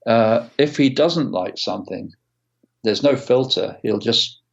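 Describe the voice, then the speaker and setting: Man in his sixties, gravelly voice, halting storytelling, muffled lo-fi audio. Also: medium pitch. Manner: halting, with many restarts and asides. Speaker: guitarist guest. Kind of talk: casual interview storytelling.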